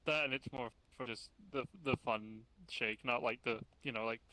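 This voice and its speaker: A man's voice: mid-range voice, fairly even intonation, normal speed, pushed and bright, low-quality recording. A man in casual in-character roleplay over voice chat, rambling and swearing now and then, muttering to himself. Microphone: voice chat mic.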